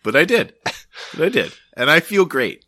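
A man's voice: fairly high pitch, big pitch swings, normal speed, sharp tone, dry recording, studio quality. A man from Maryland co-hosting a podcast, ranting casually with profanity and wry laughs. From Maryland, USA. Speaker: podcast co-host. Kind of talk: casual chat.

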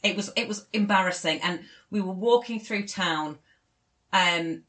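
A young woman, telling a dating story in a casual podcast chat, self-deprecating and animated. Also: mid-range voice, unhurried. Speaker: podcast co-host.

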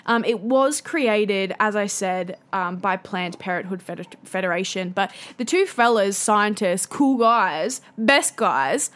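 A woman's voice: medium pitch, fairly bright tone. A young woman with an Australian accent hosts a solo podcast, chatting in a playful way with ironic asides. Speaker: podcast host. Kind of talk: casual solo podcast monologue.

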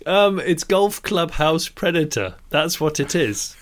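A man's voice: a little high, very animated, measured pace, background noise. A man from England co-hosting a casual chat, enthusiastic and laughing as he riffs on absurd ideas. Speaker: podcast co-host.

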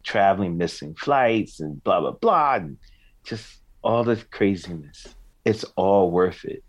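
A man's voice: sits low, measured pace. A middle-aged man, a songwriter and singer, telling stories in an interview with emotion and frequent laughter. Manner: animated, emotional storyteller, laughs often. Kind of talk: casual storytelling interview.

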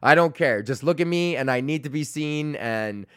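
Man, young adult, swearing podcast host, rambling rant, slightly high voice, dry close sound. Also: lively intonation, normal speed, fairly bright tone, clear, resonant tone, no echo. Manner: swears constantly, rambling, laughs often. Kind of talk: profane solo rant.

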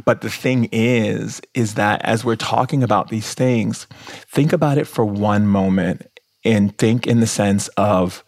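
Interview guest: young man, lowish voice, effusive and chatty, heavy on filler words. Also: unhurried, a little mellow. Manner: effusive, peppered with "like" and "oh my God". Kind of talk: casual conversational interview.

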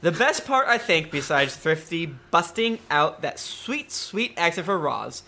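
A man's voice: fairly high pitch, big pitch swings, measured pace, creaky, sharp tone. A man co-hosting a podcast, reading listener messages aloud in a jokey way and laughing as he goes. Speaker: podcast co-host.

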